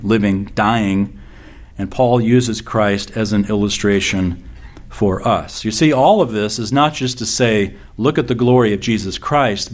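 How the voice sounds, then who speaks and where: A man preaching a sermon, reading scripture aloud with slow emphasis and repeating key phrases. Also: on the low side. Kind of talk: expository sermon.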